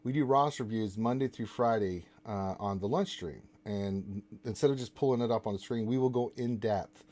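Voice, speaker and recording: A man's voice: on the low side, normal speed, a little mellow. A man hosting a casual live stream, joking around and reading viewer questions aloud. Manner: loose, joking, reads chat questions aloud. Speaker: host.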